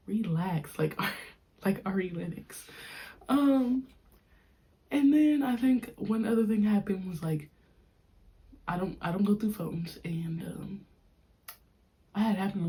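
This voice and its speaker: A young woman hosting a podcast, telling a personal story in an animated, slangy, frank way. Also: mid-range voice, measured pace, long pauses. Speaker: podcast host. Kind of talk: casual storytelling.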